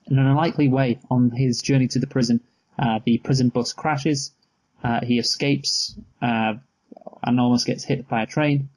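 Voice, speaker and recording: A man's voice: mid-range voice, darkish tone, rough recording. Laid-back man hosting a casual film chat. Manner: laid-back, hesitant with many fillers. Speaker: podcast co-host.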